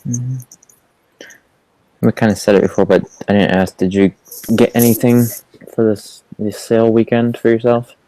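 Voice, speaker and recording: Low-voiced easygoing man, dry sound. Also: flat delivery, moderate pace, pauses often, warm tone, no echo, poor audio. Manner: easygoing, agreeable, frequent backchannels. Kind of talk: casual chat.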